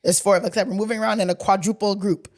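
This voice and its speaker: A young woman co-hosting a podcast, telling a story in animated, slangy casual chat and acting out the dialogue. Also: mid-range voice, fast talker. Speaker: podcast co-host.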